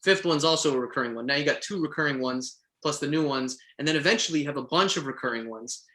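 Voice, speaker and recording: A man from Quebec chats through an interview, giving earnest, encouraging advice. His voice sits a little high and sounds bright and forceful. He restarts his sentences often as he thinks aloud. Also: fast talker. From Quebec, Canada. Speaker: voice actor guest. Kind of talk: casual interview chat.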